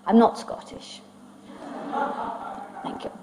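An English woman comedian sings comic songs and does dry, self-mocking stand-up before a live audience, speaking slowly. The clip comes from an old vinyl record with music and crowd sounds, and it is very noisy.

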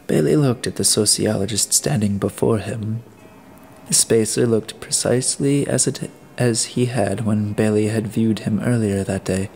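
Low-voiced man reading an audiobook. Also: steady tone, gravelly, a little mellow, soft background music. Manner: deliberate reading with occasional restarts. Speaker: audiobook reader. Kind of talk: audiobook narration.

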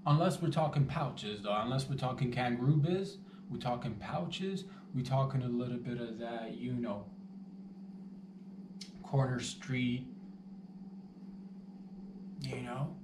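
Speaking slowly with frequent pauses in a mid-range voice, this host sounds distant from the mic in an echoey, noisy room. He delivers a rambling, playful comedic monologue on his own show, mocking himself and swearing freely.

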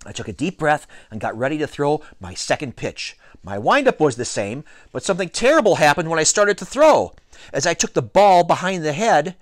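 A man reading a children's novel aloud with an expressive, playful storytelling delivery. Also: fairly high pitch, fairly quick, no echo, studio quality. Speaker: reader.

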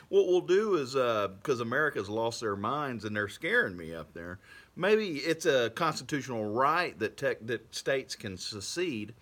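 A man's voice: medium pitch, lively intonation, a little slow, fairly bright tone. A man from Texas, rambling to camera in a casual monologue and laughing through his words often. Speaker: vlogger.

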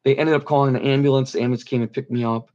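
Earnest middle-aged man, mid-pitched, slightly muffled interview audio, repeats himself for emphasis. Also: fairly even intonation, very fast, a little mellow. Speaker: guest telling his near-death story. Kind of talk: personal testimony in an interview.

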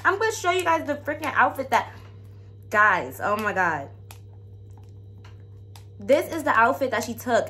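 A young woman vlogger telling an animated, slangy story to her viewers, dropping into low asides. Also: normal speed, long pauses. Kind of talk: casual storytime vlog.

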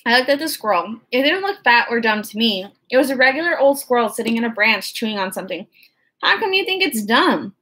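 A woman's voice: a little high, animated, fast talker, few pauses, fairly bright tone. Wry woman audiobook narrator. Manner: wry, conversational storytelling. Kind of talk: first-person audiobook narration.

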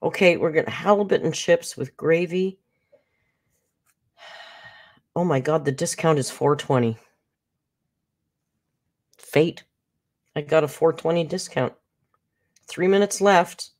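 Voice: mid-range voice, takes it slowly, pauses often, a little mellow. A live streamer in casual reaction chat, talking straight to the viewers and narrating their own actions aloud.

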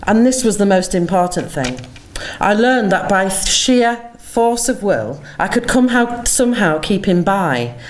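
A woman, an author giving a measured, reflective reading of her own memoir at a conference, with lingering pauses. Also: medium pitch, big pitch swings. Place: conference venue.

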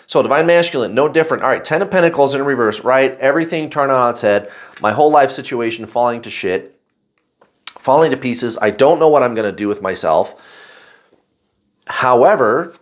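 Male tarot reader, casual and outspoken, with a lively, swooping delivery and plenty of swearing. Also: medium pitch. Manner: blunt and chatty, swears, keeps saying "guys". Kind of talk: casual tarot card reading.

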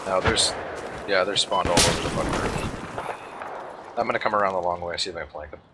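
A man's voice: low-pitched, fast, very noisy. A man chatting casually with his squad while playing, with dry, sarcastic asides. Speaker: gameplay commentator. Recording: loud gunfire and explosions behind.

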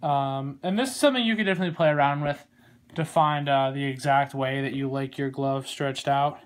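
A man giving a casual how-to tutorial on a glove, relaxed and rambling, with plenty of fillers and small jokes. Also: mid-range voice, fairly quick. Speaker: glove maker demonstrating lacing. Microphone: phone camera.

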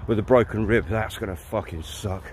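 A man's voice: lowish voice, moderate pace, noisy background. A man vlogging on a riverside hike outdoors, chatting bluntly and swearing freely. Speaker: hiking vlogger. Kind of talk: casual walking vlog monologue. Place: outdoors on a riverside countryside path.

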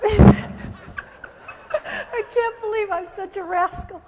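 A woman preaching at a conference, exuberant, with shouted exclamations and frequent laughter. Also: very high voice, fairly even intonation, slow pace, noisy background. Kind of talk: sermon. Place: conference hall. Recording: echoey hall with faint crowd. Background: faint crowd.

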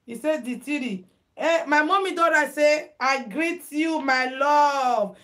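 On a phone-recorded live stream, a Nigerian woman teaches headwrapping in a high, slow, fairly bright voice. She's chatty, drops into Pidgin now and then, and welcomes viewers by name.

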